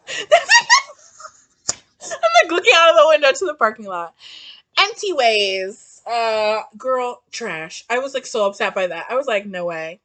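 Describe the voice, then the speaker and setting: Young woman, book vlogger, ranting and swearing with a bright, swooping voice. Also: a little high, unhurried. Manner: animated, profane, exasperated ranting. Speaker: book reviewer. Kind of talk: ranty casual book review.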